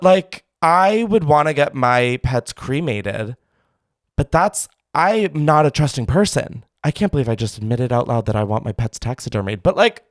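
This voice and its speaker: A man's voice: fairly high pitch, dry recording, studio quality. A man hosting a call-in show, chatting casually and bluntly, swearing freely and thinking aloud.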